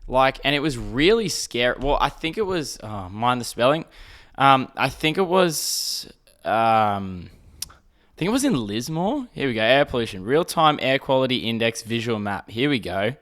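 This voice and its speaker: A man's voice: mid-range voice, sing-song, moderate pace, fairly bright tone. Swearing Australian man ranting casually. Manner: swearing, exasperated ranting with restarts. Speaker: podcast host. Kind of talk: casual solo podcast rant.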